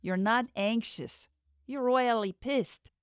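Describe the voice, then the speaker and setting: A woman voicing a steady, secretive young female friend in an audiobook, soothing at times and menacing at others. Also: a little high, slow pace, smooth, dry recording, studio quality, pitched above the performer's own voice. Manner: soothing, then coldly threatening. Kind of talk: audiobook character voice.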